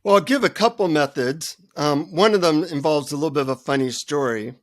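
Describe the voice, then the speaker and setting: Man, guest author, animated humorous storytelling, fairly high voice, dry close sound. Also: brisk, no room sound. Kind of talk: storytelling in an interview.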